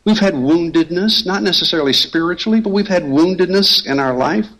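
A man's voice: high-pitched, a little fast, a bit bright, low-quality recording. A man preaching a sermon as pastor, earnest and emphatic, hammering home key phrases through repetition.

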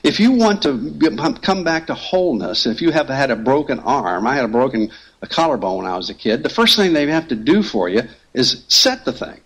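A man's voice: mid-range voice, sing-song, brisk, a bit bright, slightly rough, poor audio. A man preaching a sermon as pastor, earnest and emphatic, hammering home key phrases through repetition.

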